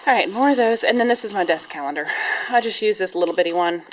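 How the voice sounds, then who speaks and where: A woman's voice: medium pitch, fast talker, a little hiss or hum, rough recording. A woman teacher, chatting casually in a classroom vlog, rambling with lots of "um"s and "y'all"s, a little sniffly. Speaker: primary teacher vlogger.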